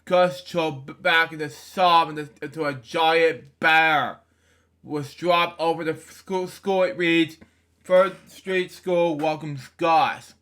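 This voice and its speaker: A man's voice: a little high, steady tone, takes it slowly, pushed and bright. A man reading a children's book aloud, stumbling over words and adding offhand comments between pages. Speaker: storybook reader.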